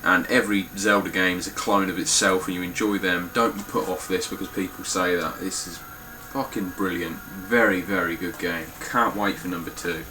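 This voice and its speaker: A man's voice: low-pitched, fairly even intonation, normal speed, hardly any pauses, pushed and bright, slight background noise, rough recording. A young man talking casually through his game collection, blunt and swearing freely. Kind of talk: casual spoken collection walkthrough.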